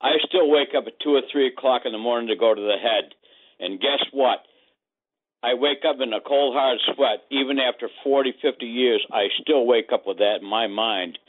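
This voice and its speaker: A man's voice: mid-range voice, normal speed. A man in his seventies calling in to a talk show, speaking bluntly in a commanding, drill-sergeant style. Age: 70s. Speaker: caller. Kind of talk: phone-in call. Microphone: telephone. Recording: tinny phone line.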